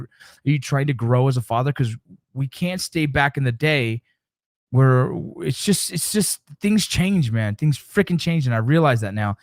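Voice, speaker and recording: A man's voice: a little high, dry recording, studio quality. A man in his forties hosting a casual livestream chat, talking emphatically, repeating himself and swearing casually. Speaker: show host.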